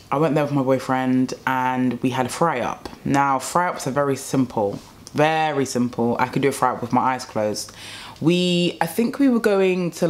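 A young woman telling a rambling, exasperated story about a bad restaurant meal in a casual vlog. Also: a bass voice. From England. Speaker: vlogger.

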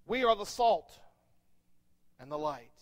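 A man with a Pennsylvania accent preaches from the pulpit in a fairly high voice. He leans hard on key words, swelling loud and then dropping low. Long church reverb trails his voice. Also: lively intonation, slow. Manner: emphatic preaching, rises and drops in volume. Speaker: pastor. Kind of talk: sermon. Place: church sanctuary.

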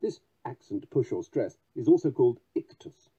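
A man reading a poetry textbook aloud, measured and precise, spelling out word stress as he goes. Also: medium pitch, animated, mellow, slightly rough. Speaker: audiobook narrator. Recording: tinny phone-like lo-fi audio.

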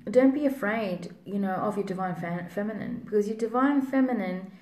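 A woman's voice: mid-range voice, normal speed, darkish tone. A woman psychic giving a spiritual reading in a rambling way, full of fillers. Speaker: psychic reader. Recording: roomy echo.

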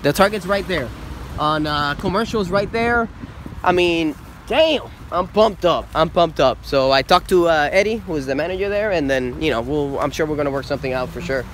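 A man chatting in a casual vlog, rambling and excitable, with lots of fillers. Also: fairly high pitch, moderate pace, a little hiss or hum. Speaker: vlogger. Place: outdoors and in a car around shops.

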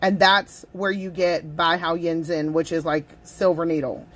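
Chatty woman, lowish voice. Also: little pitch movement, unhurried, fairly bright tone. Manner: chatty and gushing, talks straight to viewers. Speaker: tea vlogger. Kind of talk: casual tea review vlog. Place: home desk.

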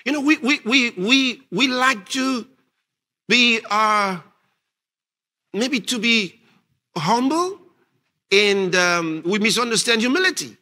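A male pastor preaching a sermon, reading scripture aloud and questioning his congregation, rising to emphatic shouts on key points. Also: very high-pitched, lively intonation, takes it slowly, pauses often. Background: congregation responding.

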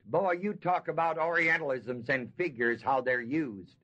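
A man teaching Bible verses in a sermon. He talks emphatically, slows down to stress key words and asks the audience questions. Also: medium pitch, bright, forceful tone. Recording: dull lo-fi 1970s tape recording.

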